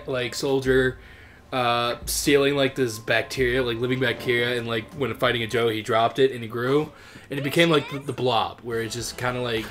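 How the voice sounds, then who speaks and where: A man co-hosting a let's play, telling stories in a rambling, animated way full of "like". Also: mid-range voice. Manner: rambling, animated storytelling, lots of "like". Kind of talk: casual chat over gameplay. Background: game music.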